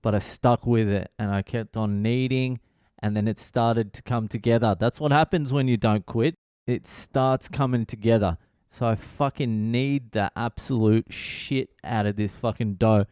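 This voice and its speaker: A tired man, a comedian, telling a casual, profane story as a podcast host, exasperated and quick with swearing. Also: medium pitch, a little mellow, clear, resonant tone, no room sound, clean studio sound. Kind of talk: casual solo monologue.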